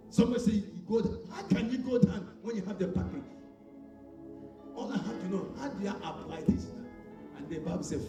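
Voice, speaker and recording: High-pitched preacher man shouting in an echoey hall. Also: animated, a little fast. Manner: shouting call-and-response with the congregation. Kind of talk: sermon. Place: church hall. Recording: echoey church hall, mic far off, faint music.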